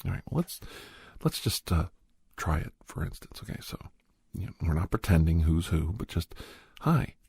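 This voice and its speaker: A very husky, gravelly man speaks low and close in a whispered role-play. He plays a counselor who rambles and coaxes in a half-whisper. The sound is dry and close to the mic. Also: moderate pace, warm tone, no room sound.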